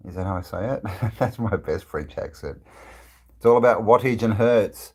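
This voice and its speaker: A man's voice: lowish voice, moderate pace, a little mellow, husky. A man hosting a casual live stream, reading viewers' comments aloud and rambling with many fillers and restarts. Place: indoors, travelling.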